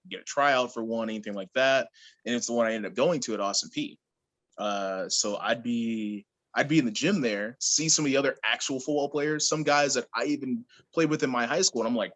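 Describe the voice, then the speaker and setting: A young man, a pro wrestler, chatting as an interview guest, telling animated stories and laughing often. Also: fairly low pitch. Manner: animated storyteller, laughs often, acts out quotes. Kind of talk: casual interview chat.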